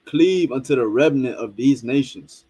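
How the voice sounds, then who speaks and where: A man reading scripture aloud slowly and deliberately for a teacher. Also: mid-range voice, warm tone, breathy edge, rough recording. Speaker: scripture reader.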